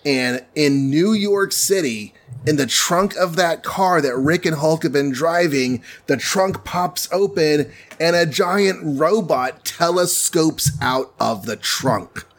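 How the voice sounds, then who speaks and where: A man's voice: on the high side, lively intonation. A man casually recapping a comic book story on a podcast, playfully acting out the characters' lines. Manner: playful, acts out characters in quick voices.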